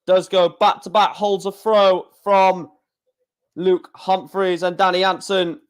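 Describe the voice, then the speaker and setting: A man's voice: high-pitched, level tone, slow pace, clean tone. A man hosting a live darts watchalong, calling out scores in short bursts between chatty asides. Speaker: stream host.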